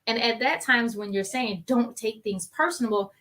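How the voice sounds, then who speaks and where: A woman's voice: on the high side, moderate pace, fairly bright tone. A woman co-hosting a talk show panel, giving earnest advice in casual chat. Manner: earnest, advice-giving, quotes herself in asides.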